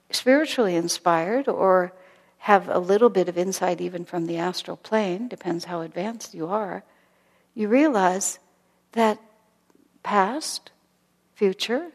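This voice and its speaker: A woman teaching a spiritual class in a gentle, reflective way, often sinking into a soft whisper. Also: mid-range voice, big-room sound.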